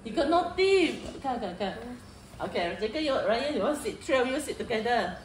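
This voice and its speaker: A woman's voice: fairly high pitch, expressive, normal speed. A woman filming her family at home, coaxing the children with short, repeated instructions in casual chat. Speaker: parent filming a family vlog. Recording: echoey room with background noise.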